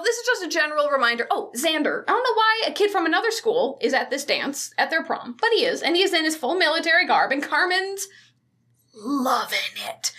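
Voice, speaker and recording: A woman co-hosting a podcast, recapping a movie in casual chat, animated and cursing freely with jokey asides. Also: high-pitched. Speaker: podcast co-host.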